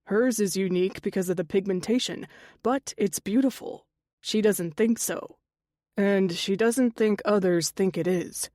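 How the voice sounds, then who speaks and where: A woman's voice: medium pitch, unhurried, warm tone, no room sound, clean studio sound, lightly acted. A woman reading the part of a teasing young male panther-shifter tattoo artist, wry and chatty, in an audiobook.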